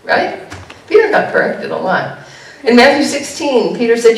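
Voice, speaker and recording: A woman pastor giving an animated sermon, jumping to high exclamations now and then. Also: a little fast. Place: church sanctuary. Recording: echoey church room heard from a distance.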